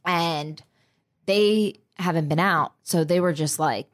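A woman's voice: fairly low pitch, takes it slowly. A young woman co-hosting a podcast, chatting casually and laughing often. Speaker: podcast co-host. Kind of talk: casual chat.

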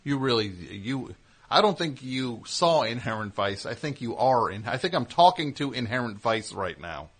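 A man's voice: medium pitch, very animated, moderate pace, a bit bright, breathy edge. A man hosting a comedy call-in radio show, teasing callers and riffing in long rambling runs.

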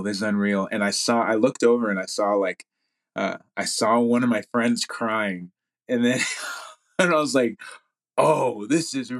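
A man speaking as a podcast guest, telling a story in a rambling way with lots of fillers and restarts. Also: on the low side. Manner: rambling, many fillers and restarts, laughs while talking. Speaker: podcast guest, jiu-jitsu athlete. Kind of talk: casual storytelling.

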